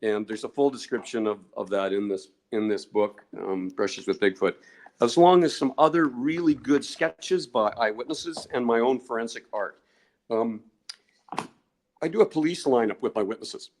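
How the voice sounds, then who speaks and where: A man's voice: mid-range voice, normal speed, a little mellow. An older man, a guest researcher, telling long digressive stories in a podcast interview and chuckling often.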